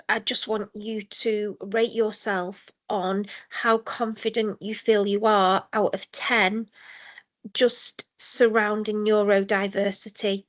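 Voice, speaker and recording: A woman presenting a mental health webinar, explaining her service in a measured way with the odd filler. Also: mid-range voice. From England.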